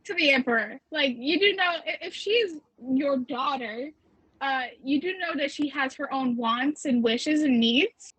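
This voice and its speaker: A woman's voice: high voice, expressive, measured pace, a bit bright. A woman playing her character in a tabletop game, sassy and challenging. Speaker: player. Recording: dull dry voice-chat line.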